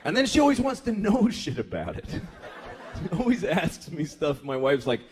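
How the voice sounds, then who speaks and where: Male stand-up comic, expressive swooping pitch, profane exasperated rants, faint noise behind. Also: normal speed. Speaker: stand-up comedian. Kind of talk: stand-up routine.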